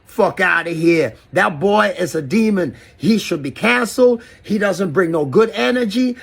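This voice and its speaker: A middle-aged man with a Ghanaian accent rants at his critics in a profane, preachy way. His voice sits fairly high and carries a husky, breathy edge. He keeps lecturing and slips in local phrases. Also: lively intonation, normal speed. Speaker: artist addressing critics. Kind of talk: angry video rant.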